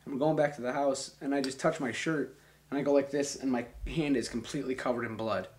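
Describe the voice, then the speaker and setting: A young man tells a rambling, foul-mouthed story in a loose, casual way. His voice sits at an ordinary mid pitch. He gets animated as he tells it. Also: brisk. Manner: rambling, profane, animated retelling.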